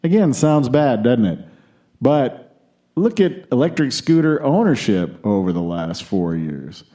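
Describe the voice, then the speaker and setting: A man's voice: medium pitch, very animated, unhurried, dark tone. An American man hosting a podcast in a casual news chat, with jokey, opinionated asides. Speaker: podcast host.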